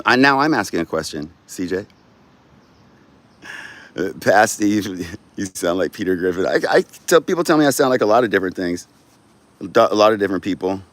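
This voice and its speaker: A man hosting a livestream, chatting casually with viewers, swearing freely, rambling and laughing often. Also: sits low. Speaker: livestream host.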